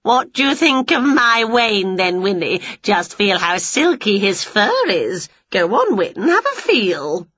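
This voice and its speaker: A woman's voice: mid-range voice, big pitch swings, measured pace, hardly any pauses, fairly bright tone, breathy edge, dry recording, full character voice. A woman voicing a smug, vain rival witch who drawls and fusses in a storybook reading. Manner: drawling, fussing, gloating. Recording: dull lo-fi home recording.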